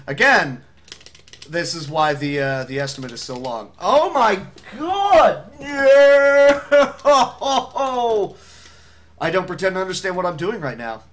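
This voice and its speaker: A man's voice: a little high, pushed and bright. A man speedrunning a game live, rambling through his commentary with self-mocking jokes.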